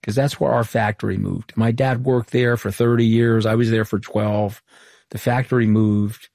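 A middle-aged man from Long Island, a former political communications director, answering interview questions in a brisk storytelling way full of quoted dialogue. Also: lowish voice, flat delivery, creaky, a little mellow, no room sound, clean studio sound. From Long Island, New York.

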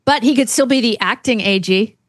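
A woman co-hosting a casual political chat, dropping quick, wry quips. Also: fairly high pitch, dry recording, clean studio sound.

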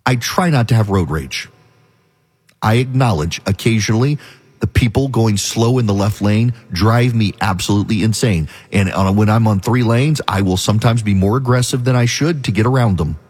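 A man hosting a talk radio show, delivering an opinionated monologue in a brisk, argumentative way and speaking straight to his listeners. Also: fairly low pitch, darkish tone, slightly rough.

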